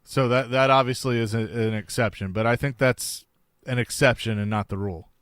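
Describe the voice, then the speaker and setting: A man hosting sports talk radio, reading listener texts and giving brisk opinions. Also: mid-range voice, fairly even intonation, fairly bright tone, clear, resonant tone, dry recording, studio quality.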